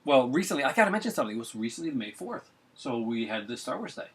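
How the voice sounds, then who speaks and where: A man's voice: mid-range voice, very animated, fast talker, slight background noise, rough recording. A man hosting a casual group chat, rambling, joking and laughing often. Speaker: podcast host.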